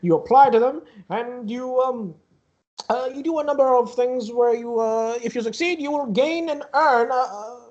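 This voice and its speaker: A man voicing an eager male carnival ticket booth boss who makes a chirpy sales pitch, on a dull lo-fi recording. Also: moderate pace, darkish tone. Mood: patient. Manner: chirpy salesman pitch, fussy about language.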